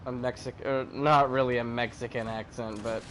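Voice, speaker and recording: A man chatting casually while streaming a game, animated and joking, swearing freely. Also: medium pitch, moderate pace, a little hiss or hum. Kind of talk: casual gaming chat.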